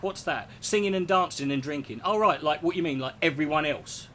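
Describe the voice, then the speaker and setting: A man hosting a podcast, telling stories in a rambling, profane and animated comic monologue. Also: fairly high pitch, fairly quick, a little hiss or hum. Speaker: podcast host.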